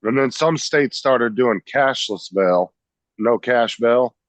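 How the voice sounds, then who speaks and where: A man's voice: medium pitch, slow pace, dry recording. A man in a casual studio chat, giving blunt opinions and swearing freely. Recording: dry, dull lo-fi sound.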